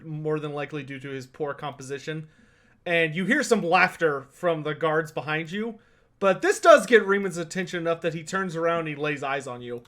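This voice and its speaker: Man, game master, high-pitched casual tabletop narrator. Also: fairly bright tone. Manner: casual, filler-heavy narration.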